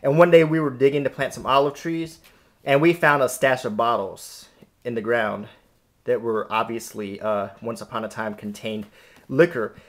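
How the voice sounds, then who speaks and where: A man's voice: medium pitch, normal speed. A man from Alabama with a faint Southern accent, chatting casually to his camera at home as he tells family stories. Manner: conversational, amused, storytelling. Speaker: host showing family scrapbook. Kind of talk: casual vlog narration. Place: at home indoors, cats around.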